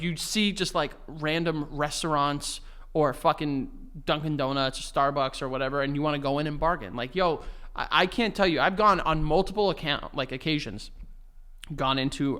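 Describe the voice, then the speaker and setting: A man's voice: a little high, normal speed, clean tone. A young man, co-hosting a podcast and telling crude stories in casual chat. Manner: crude, animated storytelling. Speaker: podcast co-host.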